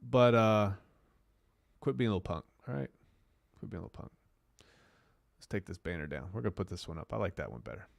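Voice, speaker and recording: Gravelly blunt man hosting a livestream. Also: fairly low pitch, very animated, fast talker, dry recording. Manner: blunt, brash, street slang; repeats phrases for emphasis. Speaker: crypto livestream host. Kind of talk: casual livestream talk.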